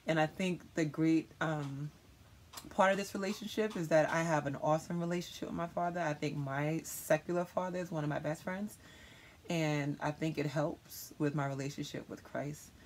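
A youth leader answers questions in an earnest, reflective way, stopping often to find words. The voice sits at a middle pitch. A faint hum of room noise runs underneath. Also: steady tone, moderate pace. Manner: earnest, reflective, with many fillers.

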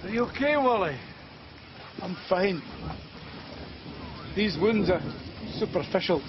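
Widower, high voice, matter-of-fact, dull noisy tv clip. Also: male voice, animated, slow. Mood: flirty. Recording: muffled TV sound with noise.

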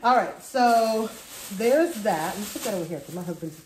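This thrift-haul vlogger, a woman in her thirties, talks casually to camera about what she found, wandering off topic and laughing frequently. Her medium-pitched voice is expressive at a normal speed, recorded in an echoey room with slight background noise.

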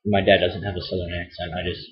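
Young man, low voice, rambling casual gameplay commentary, dull lo-fi mic. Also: flat delivery, fast, a little hiss or hum. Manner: rambling, swears and groans at mistakes. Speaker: let's play host.

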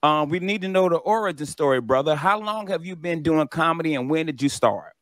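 A man hosting a comedy radio show, energetic and slangy, hyping up his guest in casual chat. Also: a little high, brisk, no room sound, studio quality.

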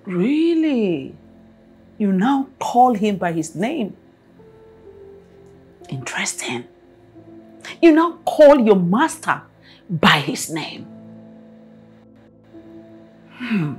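A woman's voice: mid-range voice, very animated, takes it slowly, pauses often, slightly rough, faint music behind, exaggerated voice. A middle-aged woman with a Nigerian accent playing a proud, domineering mother who scolds and scorns, repeating herself. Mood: sarcastic. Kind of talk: film acting.

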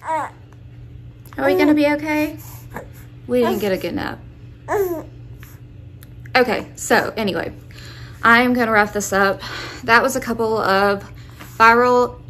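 A woman's voice: medium pitch, a little slow, pauses often, a bit bright, slight background noise. A woman chatting casually in a home vlog, a little out of breath after exercising. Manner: chatty and informal, with fillers. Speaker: fitness vlogger.

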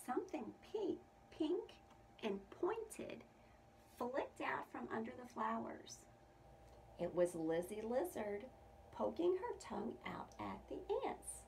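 Slow-reading preschool teacher, woman. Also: fairly high pitch, sing-song, gravelly. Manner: warm, questioning teacher tone, pointing out pictures. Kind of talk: storybook read-aloud for young children. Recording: distant mic with faint room noise.

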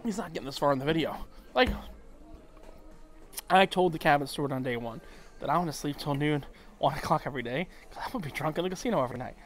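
A man's voice: on the high side, fast, long pauses, faint music behind. A drunk man vlogging aboard a cruise ship, rambling emotionally and swearing often. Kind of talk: casual vlog monologue.

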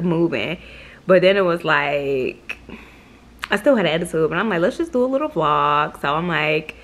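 A woman's voice: lowish voice, fairly bright tone. Chatty young woman vlogger telling a story. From Michigan. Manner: chatty, swears freely, acts out quotes. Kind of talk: casual storytime vlog.

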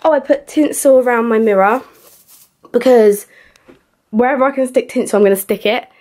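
A young woman chatting away to her handheld camera in a small bedroom, a touch out of breath. Her voice sits slightly high, and she rattles along quickly in a loose, rambling vlog manner. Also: darkish tone. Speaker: vlogger. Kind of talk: casual vlog chat.

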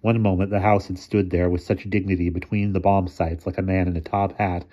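A man reading a short story aloud in a measured, steady storytelling manner. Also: sits low. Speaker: narrator.

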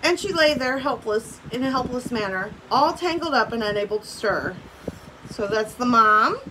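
A woman's voice: on the high side, expressive, moderate pace, bright, forceful tone, a little hiss or hum, rough recording. A woman teacher reading a story aloud to her class, breaking off to make casual comments and laugh.

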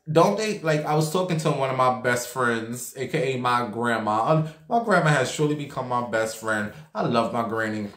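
A man telling a casual story straight to camera, chatty and animated, dropping swear words and filling gaps with "like". His voice sits at an ordinary middle pitch. The room gives it a noticeable echo. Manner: chatty and animated, swears freely, leans heavily on "like". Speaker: vlogger. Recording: roomy echo.

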